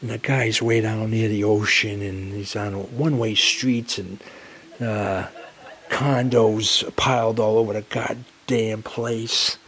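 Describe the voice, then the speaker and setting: A man telling a casual personal anecdote in an animated, exasperated way, full of fillers. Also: lowish voice, takes it slowly, a little hiss or hum. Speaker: storyteller.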